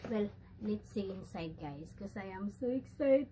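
Indoors, a vlogger with a Filipino accent excitedly unboxes a package, slipping Tagalog words into her chat. Her mid-range voice moves at normal speed, with slight background noise.

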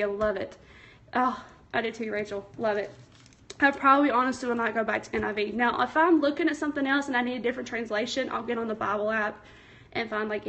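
A young woman with a somewhat high, slightly bright voice hosts a casual craft livestream from indoors at home, recorded on a phone. She's chatty and a little nervous as she answers viewer comments.

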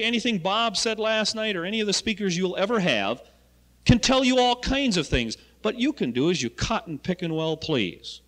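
A man who coordinates school health education, giving an animated lecture to students with loud points and quiet asides. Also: high voice. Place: college lecture hall. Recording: archival 1970 lecture recording in a reverberant hall.

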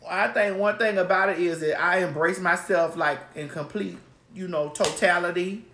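A woman's voice: fairly low pitch, fairly even intonation, normal speed, a bit bright. A woman hosting a casual chat, telling brash, profane, rambling stories. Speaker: host. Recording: roomy echo.

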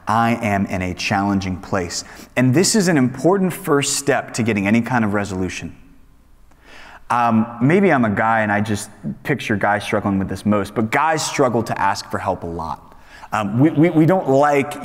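A man in his thirties leads a young adults' Bible study in a loose, conversational preaching style, full of "like" and "you know" and quick restarts. His voice sits in an ordinary middle pitch, and the recording carries the long reverb of a big church hall. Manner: conversational, animated storytelling with many fillers and restarts. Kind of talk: casual sermon.

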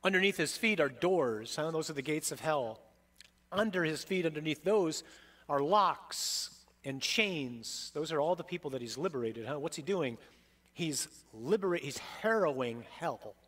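A man's voice: fairly high pitch, lively intonation, a little slow. Emphatic man preaching a sermon. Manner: emphatic, dramatic preaching with sudden loud peaks and soft drops. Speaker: priest.

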